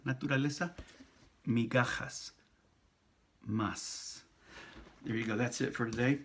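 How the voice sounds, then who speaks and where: A priest giving a casual pronunciation lesson, speaking slowly and patiently, repeating and sounding out syllables. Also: male voice, on the low side, steady tone, slight background noise. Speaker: priest teaching Spanish pronunciation.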